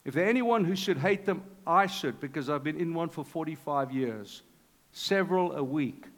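In a reverberant church hall, a middle-aged male pastor preaches a sermon in an animated, conversational style, making asides to the congregation. His voice is fairly high-pitched and he speaks at normal speed.

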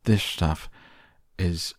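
A man's voice: very slow, no echo, clean studio sound. A man voicing a greedy, gluttonous young boy in a storybook reading, with a careless manner.

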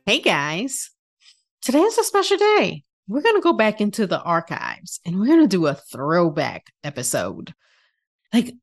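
A woman in her thirties hosting a coaching podcast, talking in a chatty, encouraging way with lots of "like" and "right?". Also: lowish voice. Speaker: podcast host and life coach. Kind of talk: casual podcast talk.

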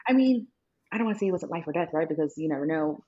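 A woman's voice: low voice, very fast, slight background noise. Chatty woman storyteller, lo-fi sound. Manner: animated, acts out her own and others' lines in quotes, many fillers of "like". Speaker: podcast guest. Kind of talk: casual storytelling chat.

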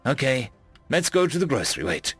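A man's voice: mid-range voice, sing-song, brisk, a bit bright, breathy edge, no echo, faint music behind. A man voicing a friendly, curious female alien roommate who teases and asks questions in a storybook reading.

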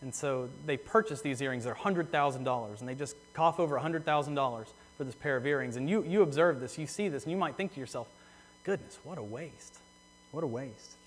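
A man preaching a sermon in earnest, repeating phrases for emphasis and slowing down on key words. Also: medium pitch, soft background music. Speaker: pastor. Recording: long hall reverb.

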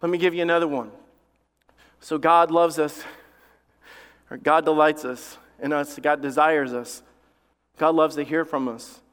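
A male pastor preaching with fervent, repetitive emphasis, his voice sitting a touch higher than most men's. He weaves family stories into the sermon. The sound carries a long reverb from a large church hall. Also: steady tone, unhurried, pauses often, fairly bright tone, smooth. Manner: tells family stories from the pulpit. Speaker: lead pastor.

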